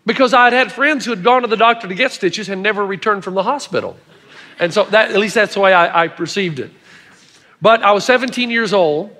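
A man's voice: high voice, brisk, bright, forceful tone, long reverb tail. A middle-aged man preaching a sermon, telling stories with emphatic asides to the congregation. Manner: storytelling, emphatic with audience asides.

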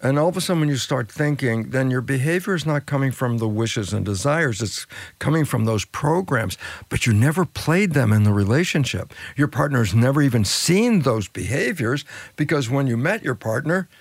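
An older man, a biologist guest in an interview, explaining ideas with lively storytelling and acted-out dialogue. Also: normal speed, dry recording. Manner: acts out quoted dialogue, swings pitch widely for emphasis.

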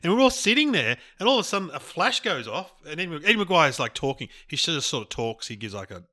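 Man, podcast co-host, animated storyteller, bright and lively, dry close sound. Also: fairly high pitch, fast, no room sound. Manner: animated anecdotes, laughs through his stories. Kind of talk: casual chat.

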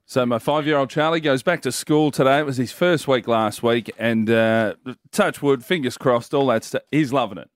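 An Australian man in his thirties co-hosting radio, telling a family story in an animated way. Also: medium pitch, normal speed, no echo. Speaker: radio co-host.

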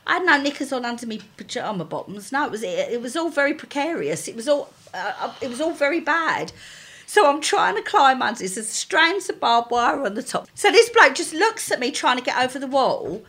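A middle-aged woman, a co-host in casual chat, telling a lively story and acting out the voices in it. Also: high voice, fairly quick, husky. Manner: animated storyteller, acts out quoted voices.

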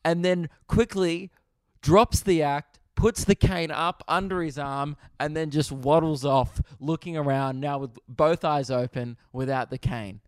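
A man's voice: fairly high pitch, steady tone, a little slow, dry recording, clean studio sound. A young Australian man hosting a podcast, telling a funny story in a laid-back way, swearing freely and laughing at himself. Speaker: podcast host. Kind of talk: casual storytelling.

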